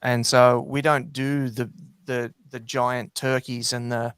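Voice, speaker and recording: Kiwi guy on a podcast, steady flat delivery, lots of ums and uhs, clean voice. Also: mid-range voice, slow, smooth, dry recording. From New Zealand. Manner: hesitant, many fillers and restarts. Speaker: podcast guest. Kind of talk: casual chat.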